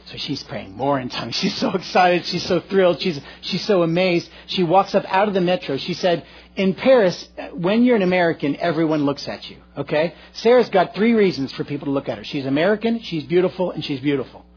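A middle-aged male pastor preaching a sermon, telling a story earnestly and swinging between loud and hushed delivery. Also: high-pitched, expressive, brisk, slight background noise. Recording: dull lo-fi recording.

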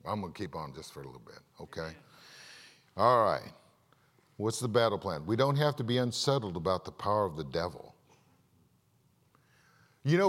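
A male pastor giving an animated sermon in church, asking the congregation questions and acting out stories. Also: fairly low pitch. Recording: long reverb of a large hall.

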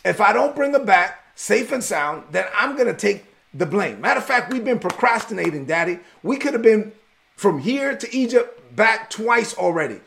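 A preacher acting out an exasperated grown son. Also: male voice, high voice, very animated, moderate pace, gravelly, a bit bright, a little hiss or hum, exaggerated voice. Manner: exasperated, insistent, streetwise talk. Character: grown son pleading boldly with his father.

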